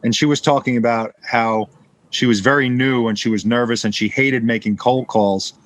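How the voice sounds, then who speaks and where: A man's voice: mid-range voice, steady tone, moderate pace. A man hosting a podcast in casual chat, affirming his guest often and talking with many fillers. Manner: affirming, frequent agreement, filler-heavy. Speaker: podcast host.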